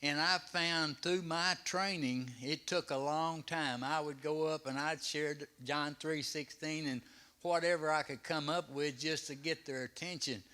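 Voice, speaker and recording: A man's voice: a little high, steady tone, measured pace, sharp tone, smooth. A man from the audience sharing a humble, heartfelt personal testimony in plain words. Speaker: audience member. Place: church sanctuary.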